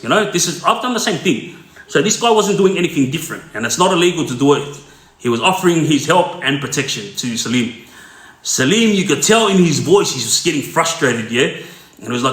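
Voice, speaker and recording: A man's voice: a little high, animated, brisk, fairly bright tone. A middle-aged Australian man telling street-wise prison stories in a blunt, casual way, checking in with "yeah?" and "you know". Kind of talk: casual spoken storytelling. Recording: roomy echo.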